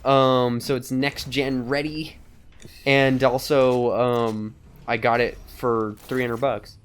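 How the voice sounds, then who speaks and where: A man's voice: medium pitch, flat delivery, takes it slowly, smooth. A young man co-hosting a let's play, rambling in casual gaming banter, swearing and laughing often.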